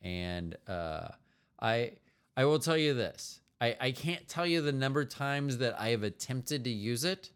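A man co-hosting a casual podcast with his partner, his voice smooth and resonant at an ordinary middle pitch. He rambles through stories with restarts and jokes at his own expense. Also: lively intonation, a little slow. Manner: rambling, self-deprecating and joking, with many restarts. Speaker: podcast co-host.

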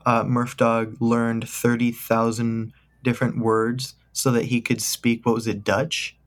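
A man's voice: mid-range voice, completely flat delivery, measured pace. A young man co-hosting a podcast, talking casually in a joking, rambling, enthusiastic way. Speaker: podcast co-host. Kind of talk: casual chat.

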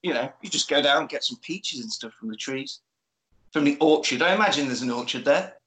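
A man's voice: mid-range voice, brisk, fairly bright tone, rough recording. A man casually recapping an action film for friends, playfully acting out characters' lines as he goes. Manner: playful storyteller, acts out film lines in put-on voices. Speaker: podcast host recapping a film.

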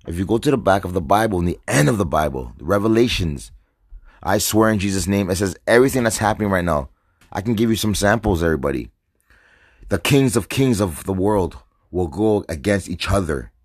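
A man from North America with a deep, low-pitched voice delivers a rambling, agitated monologue to his viewers. He swears freely and stumbles over repeated words, with a dry, close sound and no room around it. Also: slightly rough, no echo. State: says he is drinking and smoking. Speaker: vlogger. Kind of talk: stream-of-consciousness rant to camera.

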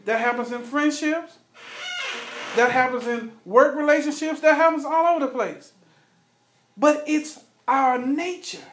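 A man's voice: very high-pitched, unhurried, a bit bright, echoey room, a little hiss or hum. A man leading a Bible study in an earnest, conversational way, often asking the group questions.

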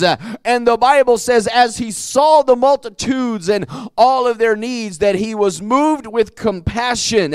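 A man preaching a sermon in a high, smooth, resonant voice. He drags out key words and repeats himself as the passion builds. The sound is close and dry. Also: no echo. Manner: impassioned preaching, drawn-out emphatic phrases, repeats words. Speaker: pastor. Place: church sanctuary.

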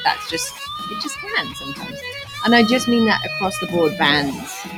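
A woman's voice: fairly high pitch, huge pitch swings, moderate pace, over loud music. A woman co-hosting a casual chat, blunt and teasing, laughing often. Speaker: podcast co-host.

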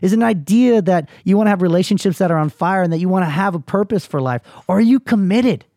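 A man's voice: sits high, fast, a little mellow, dry recording, studio quality. A man hosting a podcast, telling a personal story in an earnest, emphatic way, swearing freely, then pushing his listeners with motivational questions. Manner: rallying, motivational push to listeners. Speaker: podcast host.

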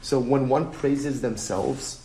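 A man's voice: medium pitch, slow. A man, a rabbi, teaching a Talmud lesson, emphatic and repetitive, mixing in Hebrew and Aramaic terms. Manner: animated, emphatic, repeats phrases, switches between English and Hebrew-Aramaic terms. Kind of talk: Talmud lecture.

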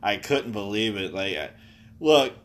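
A man's voice: on the low side, expressive, unhurried, fairly bright tone. A man chiming into a casual podcast chat, blunt and swearing freely.

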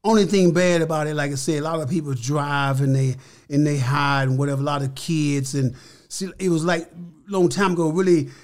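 An older man appearing as a podcast interview guest tells stories casually in a fairly high, steady, brisk voice. His delivery is emphatic and folksy, and he repeats his phrases.

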